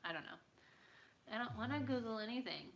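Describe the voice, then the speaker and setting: This live-stream host, a native English-speaking woman, talks fast in a fairly high, animated voice. It's late at night and she's tired, yet she chats with viewers in a bubbly, playful manner.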